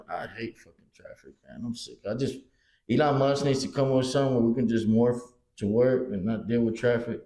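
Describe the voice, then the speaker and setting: A man's voice: mid-range voice, brisk. A man, chatting casually as a podcast co-host, telling stories with lots of swearing. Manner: profane, animated storyteller. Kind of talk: casual chat. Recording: echoey room.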